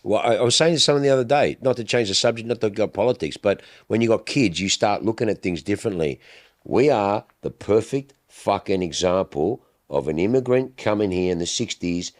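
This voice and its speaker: Fired-up aussie guy, middle-aged, low voice, swears a lot, casual pod chat. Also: expressive, a little fast, no room sound, studio quality. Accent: Australian. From Australia. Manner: heated, heavy swearing.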